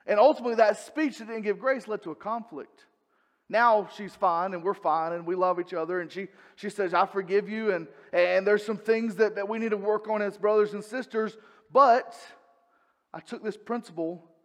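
Man, earnest sermon, high-pitched voice, long hall reverb. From North Carolina, US South. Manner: earnest, conversational preaching with frequent repetitions and self-corrections. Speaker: preacher.

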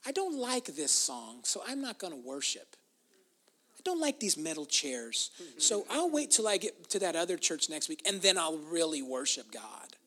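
A preacher voicing a whiny, self-pitying churchgoer who complains in a drawn-out, sulky way. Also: medium pitch, sing-song, pushed and bright. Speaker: mocked congregant.

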